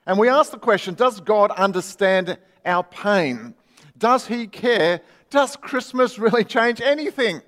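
A man's voice: high voice, expressive, measured pace, fairly bright tone, in a large hall. A man preaching a sermon as pastor, earnestly telling a story and reading quoted voices aloud.

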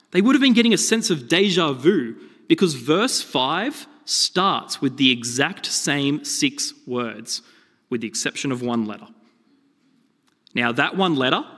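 A man preaching a sermon, telling stories with lively, shifting emphasis. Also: a little high. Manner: animated storytelling with shifting emphasis. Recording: long reverb of a hall.

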